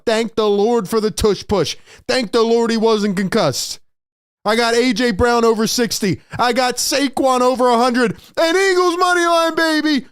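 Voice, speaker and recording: A man hosting a postgame sports show, ranting excitedly, acting out players and breaking into shouted bursts. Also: high-pitched, clean tone, no room sound, studio quality. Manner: animated, shouting bursts, acts out players' voices.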